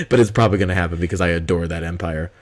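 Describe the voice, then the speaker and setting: A man's voice: deep voice, big pitch swings, fast talker, crowd noise. A man co-hosting a pop-culture podcast, chatting casually with playful, campy banter. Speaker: podcast co-host. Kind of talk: casual chat.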